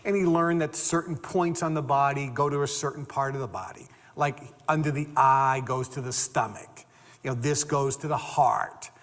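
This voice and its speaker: An older man giving an animated storytelling talk as a motivational speaker, repeating words and acting out the people in his stories. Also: mid-range voice, moderate pace. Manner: animated, repeats words, acts out quoted dialogue. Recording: long reverb of a hall.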